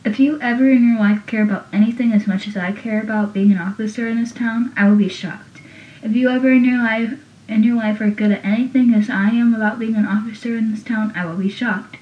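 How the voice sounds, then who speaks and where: A woman's voice: a little high, fairly even intonation, a little fast, close to an everyday voice. A young woman reading the lines of a stern young male town cop in her own voice. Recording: dull, roomy, from a distance.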